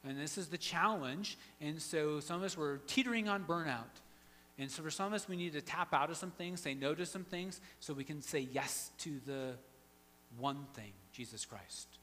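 A man preaching a sermon as pastor, conversational, swinging from hushed to loud and emphatic. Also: a little high, normal speed. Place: church sanctuary. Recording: long hall reverb, faint hum.

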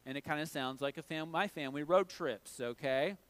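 A man's voice: fairly high pitch, fairly quick, fairly bright tone, no room sound. A middle-aged man preaching a sermon in a conversational way, often checking in with "all right?". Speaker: pastor.

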